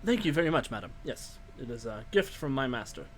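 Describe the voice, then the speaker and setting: Scrivener Jones, a man playing a courtly gentleman. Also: mid-range voice, sing-song, fairly quick, a little hiss or hum, lightly acted, poor audio. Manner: formal, courtly and polite. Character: tall posh courteous gentleman cyclist in bowler hat.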